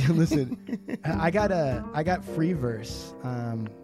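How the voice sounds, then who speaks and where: Brief: playful male podcast host, a touch high, casual banter, music underneath. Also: very animated, slow. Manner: playful, mock-dramatic.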